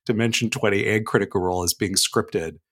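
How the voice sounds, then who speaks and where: A man guests on a podcast, speaking in a lowish, bright voice. He chats casually and slips in deadpan jokes. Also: brisk.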